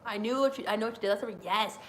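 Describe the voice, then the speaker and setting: A woman's voice: medium pitch, rapid-fire, a little hiss or hum. A young woman hosting a live stream, rambling casually with lots of fillers and frequent laughter.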